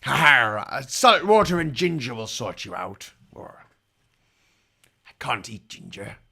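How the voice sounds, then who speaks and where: Gravelly man hamming up pirate talk. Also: medium pitch, big pitch swings, takes it slowly, pushed and bright. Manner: jokey pirate-talk persona, growling "yar" and "aye"; rambling, irreverent asides. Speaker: livestream host. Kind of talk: live-stream commentary.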